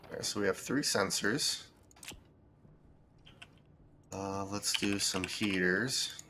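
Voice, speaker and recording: A man with a low, gravelly voice talks through his game while he plays, thinking aloud with plenty of ums and restarts. His commentary is easygoing and unscripted. A faint hiss of noise sits under the voice. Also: takes it slowly, bright, forceful tone. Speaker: game streamer. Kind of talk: casual gameplay commentary.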